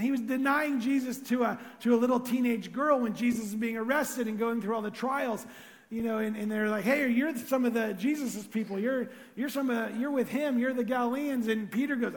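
A man delivers a sermon in a loose, conversational manner, animated one moment and soft and intimate the next. His voice sits high for a man, and it carries a long reverb from a large hall. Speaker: pastor.

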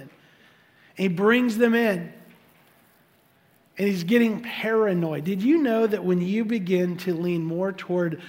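A man preaching a sermon as pastor, animated, acting out the voices he quotes. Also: sits high, moderate pace, long reverb tail.

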